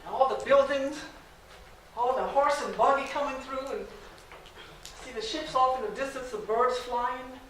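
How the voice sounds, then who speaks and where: A woman's voice: high-pitched, moderate pace, a bit bright, a little hiss or hum. A woman playing a devout, determined formerly enslaved mother who tells her own story in an emotional first-person stage monologue. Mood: earnest. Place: large echoey library room. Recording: echoey room from far off.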